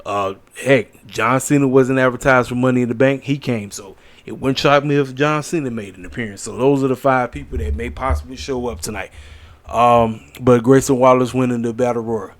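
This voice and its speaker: A tired man talks late at night in a loose, rambling way, trailing into fillers as he goes. He is blunt and opinionated and calls his picks with no hedging. His pitch sits in an ordinary middle range. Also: steady tone, normal speed. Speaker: wrestling commentary channel host. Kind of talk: casual solo predictions video.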